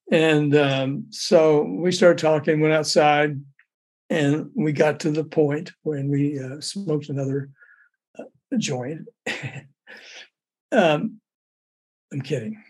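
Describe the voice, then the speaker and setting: An older man tells a story in a loose, rambling way, often restarting sentences and breaking into laughter. His voice sits a little high for a man. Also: slow pace, long pauses. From raised in Memphis. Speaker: storyteller guest. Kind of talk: casual anecdote telling.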